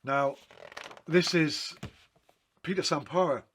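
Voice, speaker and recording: A man's voice: on the high side, slow, a bit bright, a little hiss or hum. A man, a photographer, casually telling rambling anecdotes about his photos, often correcting himself mid-sentence. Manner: rambling, self-correcting, chatty. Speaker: photographer talking through his photo book.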